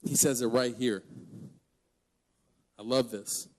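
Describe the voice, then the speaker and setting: A man in his twenties giving a storytelling sermon to young people, animated and joking, laughing mid-story. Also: mid-range voice, slow, a little hiss or hum. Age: 20s. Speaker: guest youth speaker.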